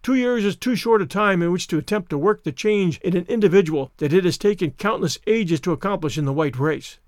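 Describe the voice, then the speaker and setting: A man voicing a jungle-raised hero who speaks in a low, measured, threatening tone. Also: darkish tone, no room sound, clean studio sound, natural voice. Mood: confessing.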